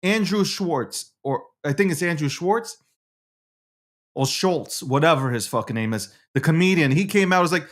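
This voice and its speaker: A middle-aged man, hosting a show and ranting in agitated political commentary, loud and repetitive, swearing and restarting his sentences. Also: fairly high pitch, lively intonation, normal speed. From New York City. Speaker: show host.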